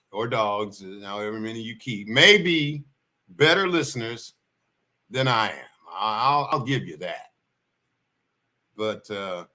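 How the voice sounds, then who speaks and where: The speaker is a man hosting a livestream, telling casual stories in a loose, folksy style and going over his main points again and again. He has a medium pitch and a sharp-sounding voice.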